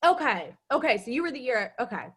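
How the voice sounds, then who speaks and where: A young woman with a fairly high voice chats on a video call, jumping into stories with lively, excitable energy. Her talk is casual and quick to react, the relaxed chatter of a student club social hour. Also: breathy edge. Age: young adult. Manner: animated, excitable storytelling.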